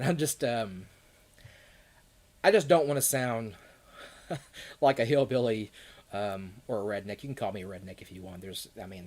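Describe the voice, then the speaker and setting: A man's voice: fairly low pitch, slightly rough. Chatty Kentucky man on a live stream. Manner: rambling, chatty, laughs often, fillers. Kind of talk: casual live chat answering viewers.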